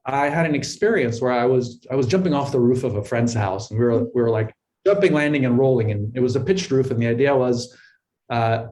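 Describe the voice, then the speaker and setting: A man's voice: medium pitch, brisk, a little mellow, a little hiss or hum, low-quality recording. A middle-aged man, a guest in an interview, telling his life story in an earnest, reflective way, often repeating words as he thinks. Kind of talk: conversational storytelling.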